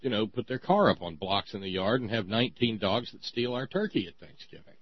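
A man's voice: lowish voice, animated, brisk, husky, highs cut off. A man hosting a talk radio show, speaking in a rambling, sarcastic way with many stammered restarts.

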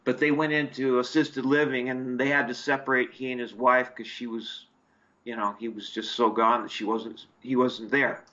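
A man's voice: mid-range voice, little pitch movement, normal speed, sharp tone, muffled recording. A man from Eastern Oregon calling in to a talk show, chatting in a folksy, storytelling way. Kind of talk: casual call-in chat.

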